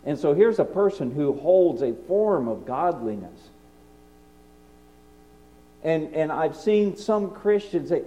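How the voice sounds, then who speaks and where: A man preaching a sermon, swinging from loud emphasis to quiet, hushed asides. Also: a little high, animated, a little slow. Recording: dull lo-fi recording.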